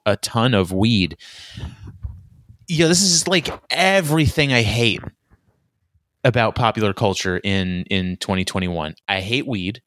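Young male host, profane sardonic rambler, lowish voice, dry close sound. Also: fairly bright tone, dry recording. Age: young adult. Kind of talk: casual solo rant.

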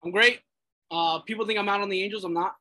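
A young man co-hosting a casual podcast, laid-back and quick to laugh. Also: high voice, steady tone, sharp tone. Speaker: podcast co-host. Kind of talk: casual chat.

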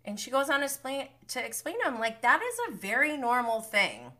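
Animated, bright-voiced woman recapping a show. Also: a little high, brisk. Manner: animated, indignant, frequent filler "like". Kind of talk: casual live recap commentary.

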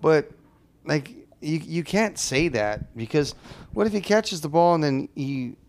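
A man's voice: on the high side, animated, a little slow, a little mellow. Blunt, cursing male podcast co-host. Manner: blunt and heated, heavy profanity. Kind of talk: casual chat.

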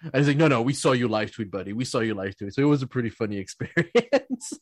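A man at an ordinary middle pitch tells casual stories on a podcast panel. He rambles, laughs often and restarts his sentences. The sound is dry and close. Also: very animated, fast, no echo. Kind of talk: casual storytelling chat.

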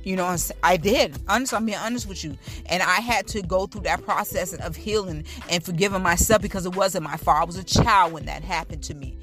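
A woman's voice: lowish voice, brisk, few pauses, fairly bright tone, faint music behind. A woman in her thirties giving a candid personal testimony, talking straight to her listeners in an earnest, repetitive way. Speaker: speaker sharing her testimony.

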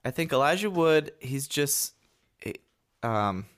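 A man's voice: a little high, expressive, slow pace, a bit bright, smooth. A man co-hosting a casual podcast, rambling and hesitant with lots of filler words. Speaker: podcast co-host. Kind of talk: casual chat.

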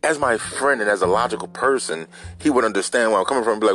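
A man hosts a relaxed solo podcast, spinning a loose, wandering story and speaking right to his listeners. His voice sits on the low side but jumps around with lively swings in pitch. Faint music plays in the background. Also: brisk. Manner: loose rambling storytelling, addresses listeners as stoners. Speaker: podcast host. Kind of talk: casual solo podcast monologue.

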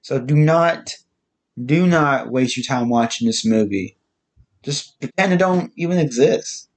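A man with an expressive, mid-range voice gives a casual spoken movie review. He lists facts haltingly, restarting his sentences often.

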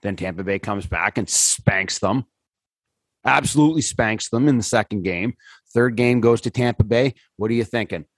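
Husky-voiced man ranting about hockey. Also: moderate pace, no room sound. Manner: exasperated rants, swearing, voice jumping high when worked up. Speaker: podcast co-host. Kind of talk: casual sports chat.

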